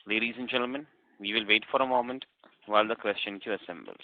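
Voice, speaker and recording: A man's voice: lowish voice, fast talker. A man moderating a conference call, polite and formal. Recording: tinny phone line.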